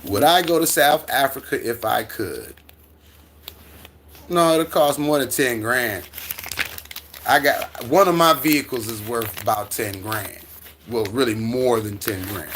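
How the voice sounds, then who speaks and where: Expressive and medium-pitched, he speaks at a measured pace with many pauses, in a fairly bright tone over slight background noise. The middle-aged American streams casually from home, dog at his side, reading chat and answering in a rambling manner with stammers, restarts and chuckles.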